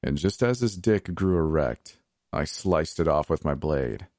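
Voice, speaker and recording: A man narrating dark first-person fiction in a measured, unhurried way. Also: very deep voice, lively intonation, dry recording, clean studio sound.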